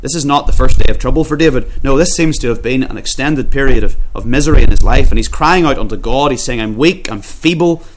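Guy preaching a sermon, earnest, keeps repeating words, slows down on the scripture bits. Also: a little hiss or hum. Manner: earnest, repeats words often, rises in pitch when voicing pleas; slows down when quoting scripture. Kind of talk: expository sermon.

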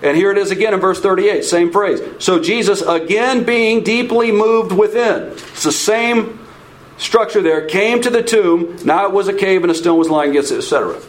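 A man with a notably high voice leads a conversational Bible study. He talks loosely, restarts his phrases and keeps checking in with his listeners by asking "okay?" and posing questions to the group. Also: moderate pace, rough recording. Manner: informal, repeats words, checks in with "okay?"; asks the audience questions. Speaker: Bible teacher.

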